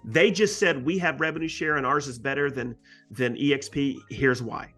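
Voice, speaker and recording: A man telling an emphatic, animated story as a guest in an interview, with frequent asides to the host. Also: medium pitch, moderate pace, faint music behind. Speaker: guest real estate agent.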